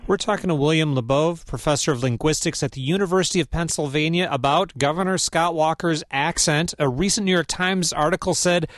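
A man hosting a public radio call-in show, speaking in an even, clear host delivery. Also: a little high, dry recording, clean studio sound. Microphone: studio microphone.

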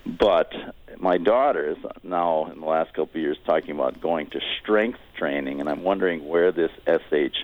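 Very deep-voiced man on a phone line. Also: normal speed, no echo. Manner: rambling, thoughtful, self-correcting. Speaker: caller. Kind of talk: call-in question.

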